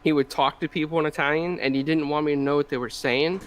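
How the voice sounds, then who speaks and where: A man with a notably high voice chats on a podcast, sharing family anecdotes in an easy, talkative way. He speaks casually. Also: fast, smooth. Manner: chatty anecdotes, lively quoting of relatives. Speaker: podcast co-host. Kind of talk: casual chat.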